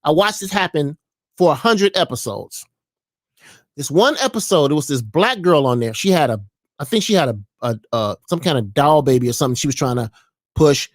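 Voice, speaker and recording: Animated ranting commentary vlogger. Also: medium pitch, moderate pace, no echo, clean studio sound. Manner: animated, preachy, mocking, jumps between voices.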